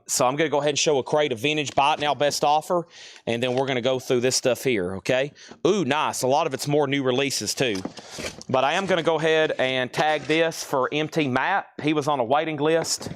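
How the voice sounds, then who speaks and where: A man hosts a live sales stream, rattling off record prices and sold items in a brisk, repetitive auctioneer style. His voice sits at an ordinary middle pitch. The sound is close and dry, with no room around it. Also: no echo. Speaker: host of a live record sale.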